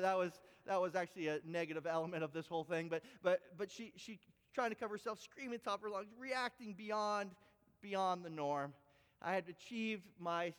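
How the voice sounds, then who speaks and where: A man preaching a sermon, telling a story with animated, expressive delivery. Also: clean tone. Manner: animated storytelling with big pitch swings. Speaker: pastor. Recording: echoey hall with long reverb.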